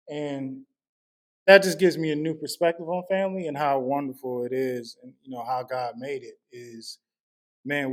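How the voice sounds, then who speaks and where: A man taking part in a family conversation, reflective and affirming as he speaks. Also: mid-range voice.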